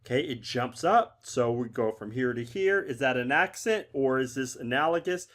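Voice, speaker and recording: A man's voice: mid-range voice, animated, normal speed, fairly bright tone. A middle-aged man giving a casual art lesson on color, talking conversationally and often checking in with "right?". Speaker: art instructor.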